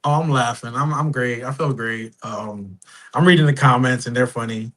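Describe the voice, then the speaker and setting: A man's voice: medium pitch, normal speed, a bit bright. A man from New Jersey, a laid-back contestant on a dating show, chatting casually with slang. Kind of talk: casual chat.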